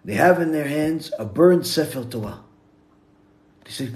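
A rabbi gives a Torah lecture in English sprinkled with Hebrew terms, telling stories that swing dramatically from hushed to loud. His fairly high voice has lively intonation and an unhurried pace, and he pauses often.

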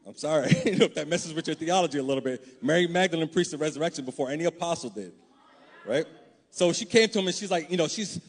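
A man with a husky, somewhat high voice delivers a sermon. He reads scripture steadily, then slips into loose, conversational preaching, often checking that the congregation is following along. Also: quick pace.

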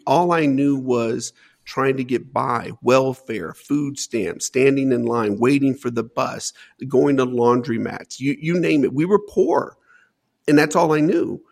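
A man's voice: medium pitch, a little slow, vocal fry. A man as an interview guest, earnestly telling a personal story and often repeating words as he searches for them.

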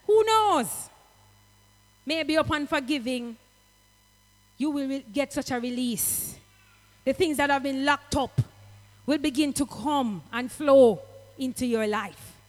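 High-voiced woman preaching. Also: big-room sound. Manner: impassioned, slips into patois, rises to shouts. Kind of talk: sermon.

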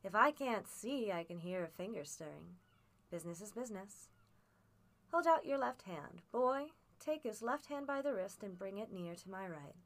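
A woman voicing a cruel blind old male beggar pirate who talks in a soft sing-song that turns cold and menacing. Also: mid-range voice, lively intonation, moderate pace, lightly acted. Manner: soft-spoken singsong turning cold and menacing.

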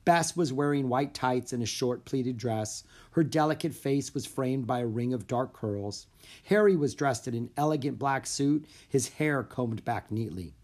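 A narrator reading a children's chapter book aloud with expressive, animated storytelling. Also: mid-range voice, unhurried.

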